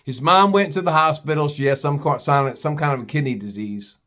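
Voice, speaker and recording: A male vlogger speaks briskly with a fairly high, fairly bright voice, ranting through a story. He is scornful, blunt and profane, slipping into mocking voices for the other people in it.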